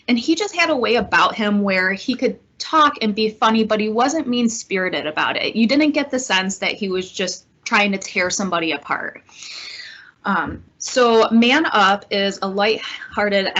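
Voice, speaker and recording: A woman's voice: mid-range voice, a bit bright, highs cut off. Enthusiastic woman librarian reviewing a book. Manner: enthusiastic recommending.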